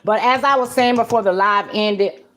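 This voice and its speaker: Hosting a podcast livestream, a woman chats in a blunt, profane way, breaking into frequent laughter. She speaks at a medium pitch and moderate pace, with a fairly bright tone.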